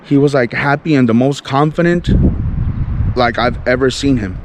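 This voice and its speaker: A man's voice: medium pitch, moderate pace. Man giving a testimony outdoors, traffic behind. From California. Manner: fervent, fillers like "you know" and "like". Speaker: faith vlogger. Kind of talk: personal testimony, casual talk.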